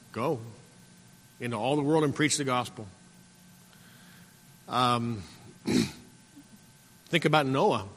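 A man preaching a sermon as pastor, exhorting and repeating himself, often clearing his throat and calling out for an amen. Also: mid-range voice, pushed and bright. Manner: repetitive, exhorting, calls out "Amen?". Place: church sanctuary. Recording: long church-hall reverb.

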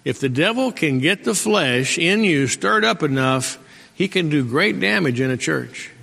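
A man's voice: on the high side, animated, unhurried, vocal fry, sharp tone, husky. A middle-aged male pastor preaching a folksy sermon and calling out for amens from the congregation. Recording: long hall reverb.

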